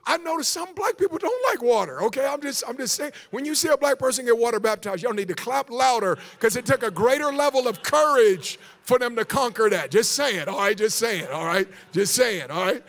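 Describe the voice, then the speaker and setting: A male preacher with a very high, gravelly voice delivers a sermon as the guest pastor. He tells his stories with animation and keeps calling on the congregation to answer back. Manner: animated storytelling preacher, calls for audience response.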